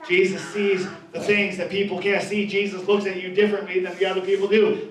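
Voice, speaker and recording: A male pastor preaching with a high voice, reading a passage and then hammering the same phrases again and again. He sounds set back from the microphone in a roomy, echoing church. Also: level tone, a little fast, few pauses. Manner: emphatic, repeats key phrases, reads scripture then preaches. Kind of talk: sermon. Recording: echoey room, voice from a distance.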